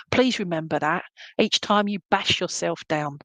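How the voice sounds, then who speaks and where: A woman giving a live psychic reading, her voice sitting a little low. She talks in a chatty, reassuring way and keeps checking in with her listener. The sound is dry and close, with hardly any room around it. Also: measured pace, fairly bright tone, no room sound, poor audio. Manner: chatty, relays messages and checks in with "okay?" and "all right?". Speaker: psychic medium.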